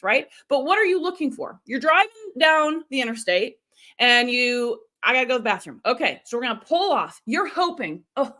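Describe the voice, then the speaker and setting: A woman with a slightly high voice, an online video coach, teaches casually during a live stream. She's chatty and animated, frequently dropping in quick asides to her viewers.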